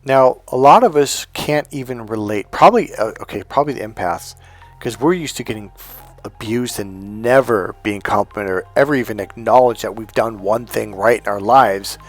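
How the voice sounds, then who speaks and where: A man working as a life coach, telling a personal story in a loose, animated way, swearing freely and often breaking off mid-sentence. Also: fairly low pitch, normal speed, soft background music. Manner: animated, profane, self-interrupting. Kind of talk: casual storytelling monologue.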